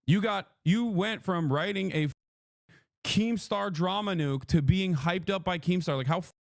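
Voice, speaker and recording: A man's voice: high-pitched, measured pace, dry recording, clean studio sound. A man livestreaming a heated, profane rant. He keeps mocking his critics with sarcastic impressions. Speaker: political livestreamer. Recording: played clip inside a reaction stream.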